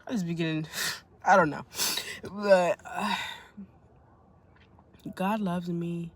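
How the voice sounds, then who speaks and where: A woman's voice: fairly low pitch, steady tone, takes it slowly. A young woman vlogging casually to camera, slangy and rambling, tearful after crying for a long time. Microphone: phone camera.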